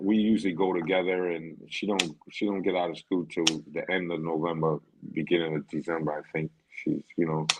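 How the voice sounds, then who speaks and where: A man's voice: low-pitched, background noise. A man guesting on a podcast, telling stories in a rambling, casual way and often checking in with "you know what I mean". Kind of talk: casual storytelling.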